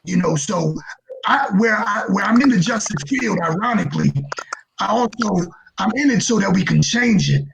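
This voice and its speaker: A man's voice: high voice, expressive, moderate pace, creaky, background noise. A man in his forties from Brooklyn with a New York accent, co-hosting a casual podcast discussion, earnest and often repeating words as he works out his point. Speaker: podcast co-host.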